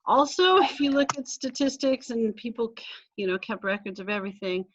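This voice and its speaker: A woman's voice: on the high side, moderate pace, background noise. A middle-aged woman giving a casual history lecture, chatty and full of self-deprecating asides. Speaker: history teacher. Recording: dry, dull lo-fi recording.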